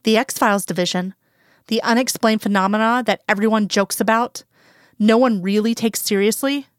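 A woman reading a fanfiction story aloud in calm, plain storytelling narration. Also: mid-range voice, moderate pace, no echo, clean studio sound. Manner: calm storytelling, plain voices for quoted characters. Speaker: fanfiction reader. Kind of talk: scripted narration.

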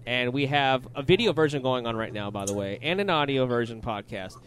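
A man's voice: mid-range voice, lively intonation, fairly quick, a bit bright. A man co-hosting a casual podcast over a video call, with upbeat, joking banter. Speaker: podcast co-host. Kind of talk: casual chat.

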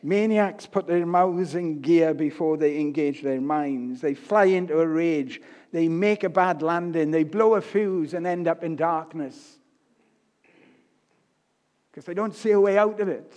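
Older guy preaching, bit high voice, long church echo, jokey stories. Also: unhurried. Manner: storytelling with humor, shifts loud and soft. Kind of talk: sermon. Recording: long reverb of a church hall.

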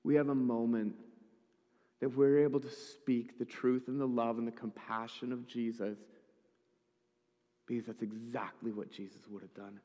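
A man's voice: medium pitch, flat delivery, normal speed, dark tone. A male pastor preaching a sermon, telling a story with wry humorous asides. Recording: echoey hall.

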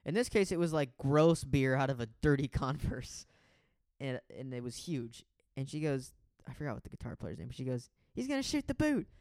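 A young man tells a rambling story among friends, swearing freely and stumbling through restarts. He slips into quick impressions of the people he's quoting. His voice sits at an ordinary middle pitch, recorded close and dry. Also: a little mellow, smooth, no room sound. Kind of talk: casual chat.

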